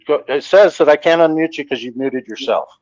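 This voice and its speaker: A man hosting and moderating an online panel, trying to calm the arguing guests. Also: on the high side, fairly quick, no room sound, poor audio. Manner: exasperated, trying to keep order. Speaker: host and moderator.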